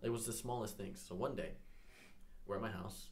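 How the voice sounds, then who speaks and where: A man's voice: on the low side, normal speed. A man co-hosting a podcast, telling a rambling childhood story in casual chat and laughing as he goes. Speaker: podcast co-host.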